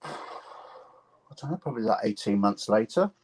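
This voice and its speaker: A man, a guest musician in a casual interview, talking in halting, restarting phrases with dry sarcastic humour. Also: fairly low pitch, animated, slight background noise, poor audio.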